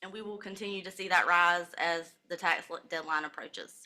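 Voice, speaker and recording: A woman's voice: lowish voice, steady tone, normal speed, pushed and bright. A woman county finance officer reading a monthly financial report at a public meeting, reciting figures methodically with brief self-corrections. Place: county commissioners' meeting room.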